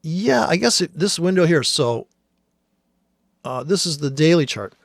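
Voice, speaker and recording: Profane ranting man, high-pitched and dry. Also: expressive, unhurried, gravelly, dry recording. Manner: blunt, profane, exasperated ranting. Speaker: trader. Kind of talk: screen-share chart commentary.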